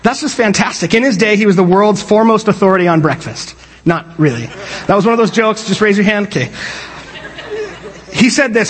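A man preaching a sermon from a church stage, animated and joking, often restarting his sentences. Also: high voice, a little fast, husky, big-room sound. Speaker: pastor. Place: church sanctuary.

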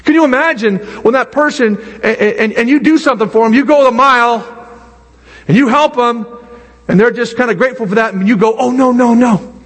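Pastor, male, high husky voice, animated sermon, big hall echo. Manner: animated, drawn-out emphatic preaching with acted asides. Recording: long hall reverb.

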